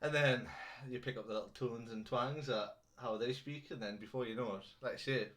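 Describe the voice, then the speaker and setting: A man's voice: mid-range voice, brisk, fairly bright tone. A man with a North East English accent co-hosting a podcast, bantering and swearing casually. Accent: North East English, between Newcastle and Durham. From North East England. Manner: banterish, swears a lot, laughs often. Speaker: podcast co-host. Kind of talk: casual chat. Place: room at home. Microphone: shared microphone.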